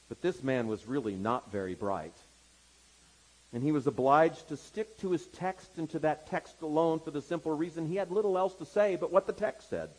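Husky-voiced man telling a sermon story. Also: mid-range voice, a little mellow, low-quality recording. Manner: storytelling, with wry asides to the congregation. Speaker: pastor.

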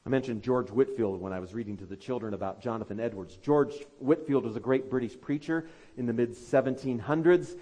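A man preaching a sermon as pastor, fervently urging his listeners, then dropping to quiet, low asides. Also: fairly quick, slightly rough.

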